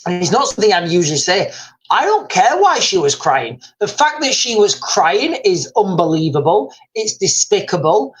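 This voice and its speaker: A man's voice: sits high, very animated, moderate pace, rough recording. A man hosting a live stream, talking in a rambling, emphatic way, reading out viewers' comments and calling them guys.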